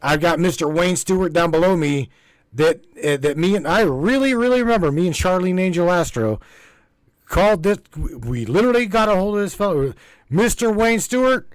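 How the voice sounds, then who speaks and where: A man's voice: high voice, animated, normal speed, dry recording. A man hosting a spiritual livestream, talking casually to his live chat in a rambling, repetitive, emphatic way and swearing freely. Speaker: host of a spiritual livestream broadcast.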